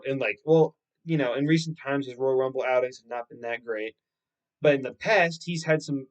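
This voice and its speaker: Young man rambling casually on his podcast. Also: mid-range voice. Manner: rambling, animated, swears casually. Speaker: podcast host. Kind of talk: casual solo podcast storytelling.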